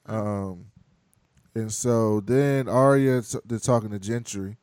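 A man hosting a casual podcast, recapping scenes and acting out the characters' lines in quick voices, laughing often. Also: fairly low pitch, a little mellow, clear, resonant tone, dry recording, studio quality. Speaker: podcast host recapping a TV show. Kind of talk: casual chat.

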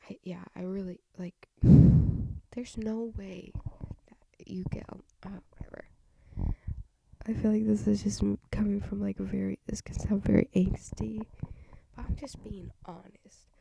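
A woman in her twenties with a slight southern twang, hosting a casual solo podcast, rambling softly with many fillers and restarts while her voice is going out. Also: medium pitch, level tone, a little slow, noisy background. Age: 20s. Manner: rambling, lots of fillers and restarts, soft breathy delivery. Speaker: podcast host. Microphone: home microphone.

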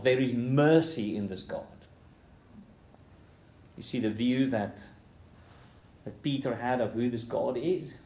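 A man preaching a sermon, swinging between loud emphatic bursts and quiet, low passages, repeating key phrases for emphasis. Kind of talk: expository sermon. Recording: roomy hall echo.

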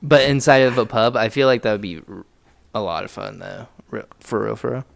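A man co-hosting a casual podcast, tipsy, rambling and laughing, his voice jumping high when excited. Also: brisk, creaky, dry recording. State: intoxicated. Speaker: podcast co-host.

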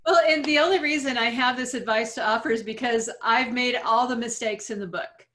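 A woman's voice: a little high, a little fast, a bit bright. Earnest middle-aged woman sharing advice. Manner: earnest, reflective, laughs lightly. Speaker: guest speaker. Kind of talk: interview conversation.

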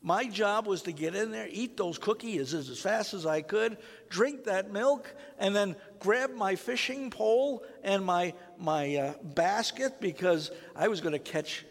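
A man with a slightly high voice preaches a sermon, mixing a childhood story with scripture. He talks conversationally and keeps drawing the congregation in with questions. His voice rings out with the long reverb of a church hall. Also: animated, measured pace, few pauses. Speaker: pastor.

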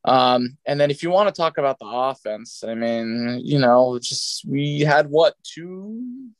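A man's voice: mid-range voice, animated, unhurried, no echo. A man co-hosting a sports podcast, ranting in exasperation about a loss and swearing, out of breath. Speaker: podcast co-host. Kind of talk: casual sports chat.

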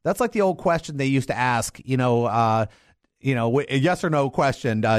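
Older male attorney guest, animated pitch, emphatic, dry studio sound. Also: fairly quick, no echo. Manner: emphatic, indignant, restarts often. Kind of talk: opinionated radio commentary. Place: radio studio. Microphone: studio microphone.

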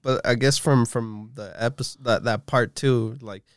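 A man's voice: mid-range voice, steady tone, normal speed, clear, resonant tone, no room sound, studio quality. A man co-hosting a podcast, adding short easygoing remarks and chuckles to a chat about anime. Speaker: podcast co-host. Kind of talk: casual chat recapping anime.

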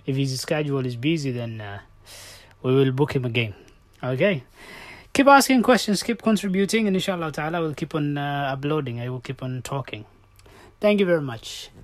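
A man's voice: fairly high pitch, normal speed, no room sound. A man hosting a casual podcast, playfully rambling through a listener's question. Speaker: podcast host.

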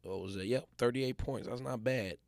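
A man's voice: mid-range voice, normal speed, vocal fry, a little mellow, dry recording. A man, hosting a podcast with a casual, emphatic motivational monologue and often checking in with his listeners. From Detroit. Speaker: podcast host.

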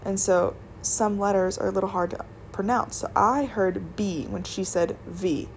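A young woman rambling through a casual storytime with a gravelly vocal fry at a mid pitch. Her talk is loose and chatty, full of "like," with restarts as she works back through her retail shifts. A faint hiss sits under her voice. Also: steady tone, measured pace. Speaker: retail worker telling work stories.

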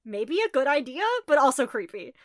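A woman's voice: high-pitched, animated, a little fast, a bit bright, no echo, studio quality. A young woman co-hosting a casual podcast chat, with exaggerated reactions. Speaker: podcast co-host.

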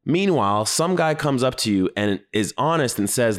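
A man's voice: mid-range voice, animated, normal speed. Blunt, profane male video commentator. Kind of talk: casual reaction commentary.

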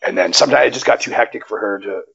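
A man guest on a wrestling interview, telling stories in a casual, profane and animated way, his pitch jumping up when he gets excited. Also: racing, creaky, husky, muffled recording. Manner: animated, profane storytelling with sudden jumps in pitch. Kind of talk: casual storytelling chat. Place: Nevada.

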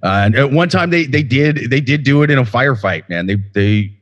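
A man's voice: medium pitch, animated, a little fast, lo-fi sound. A young man co-hosting a podcast in casual chat, profane and rambling, with many restarts and fillers. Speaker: podcast co-host.

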